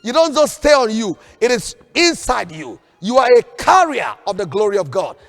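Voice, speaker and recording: High-voiced fervent man preaching in a reverberant hall. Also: sing-song, moderate pace, vocal fry, hardly any pauses. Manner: fervent, calls out declarations for viewers to repeat. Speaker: prophet leading online prayer broadcast. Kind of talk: prophetic prayer sermon. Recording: long hall reverb with faint background music.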